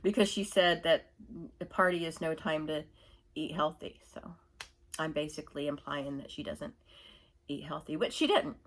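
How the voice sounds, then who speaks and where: A woman's voice: sits low, animated, moderate pace, slight background noise. A middle-aged woman ranting indignantly in her own opinion vlog, emphatic and repetitive. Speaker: YouTuber.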